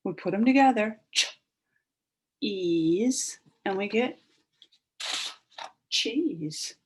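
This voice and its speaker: A woman teaching a phonics lesson to young children, stretching out sounds in an animated sing-song way. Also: mid-range voice, drawn-out words, slightly rough.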